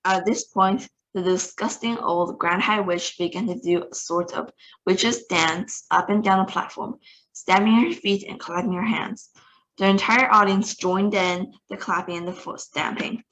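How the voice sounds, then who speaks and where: A woman's voice: medium pitch, a little slow, a little hiss or hum. A woman reading a children's novel aloud expressively over a video call, now and then tripping over a word. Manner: expressive, occasional stumbles over words. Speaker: storybook reader. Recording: dull lo-fi video call recording.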